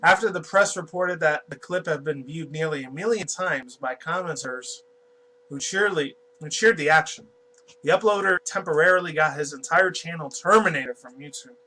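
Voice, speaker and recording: A man's voice: a little high, normal speed, sharp tone, low-quality recording. Rambling, profane man reading news. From New York. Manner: rambling, profane, stumbles over words. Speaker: YouTube commentator. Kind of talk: casual commentary reading news aloud.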